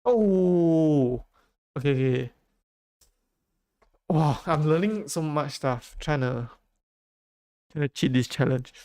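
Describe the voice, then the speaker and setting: A man's voice: on the high side, slow pace, long pauses, dark tone. A man streaming live, chatting casually while fumbling with his settings and repeating himself. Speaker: livestreamer. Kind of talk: casual livestream chat.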